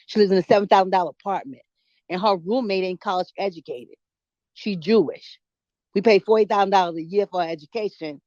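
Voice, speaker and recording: A woman's voice: medium pitch, darkish tone, no echo, lo-fi sound. A middle-aged woman from New York City, calling into an online audio chat room and ranting with emotion, blunt and profane, stumbling over restarts. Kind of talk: emotional impromptu rant.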